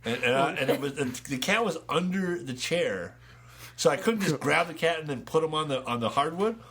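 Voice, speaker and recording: A man's voice: on the high side, moderate pace. A man co-hosting a casual podcast chat, telling rambling, profane stories with lots of energy in a home studio. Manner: rambling, profane, animated storyteller. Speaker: podcast co-host.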